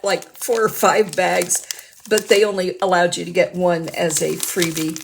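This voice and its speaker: A woman's voice: mid-range voice, steady tone, unhurried, creaky, a bit bright, slight background noise. A woman chatting casually on a livestream in a rambling, chatty way, laughing often.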